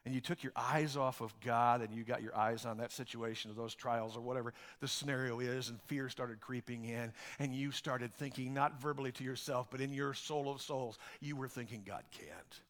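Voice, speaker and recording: A male pastor preaching a sermon to his congregation, swinging from loud exclamations to hushed, low asides. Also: fairly even intonation, normal speed.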